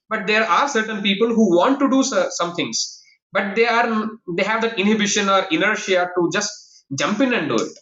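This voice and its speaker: A high, bright-voiced man talks fast and earnestly, laying out his argument in lists. His voice comes through an echoey, muffled call recording. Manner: earnest, explanatory, builds points in lists. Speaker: guest, professor and quiz master. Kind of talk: casual interview conversation. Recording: echoey, dull lo-fi call audio.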